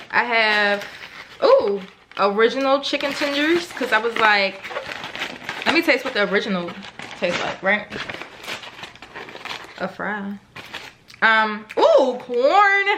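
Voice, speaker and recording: A woman's voice: medium pitch, noisy background. A young woman in her twenties from Maryland, chatting to camera in a gushing, casual vlog style. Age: 20s. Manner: chatty and gushing, lots of "like" and "y'all". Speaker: vlogger. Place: home, then a car.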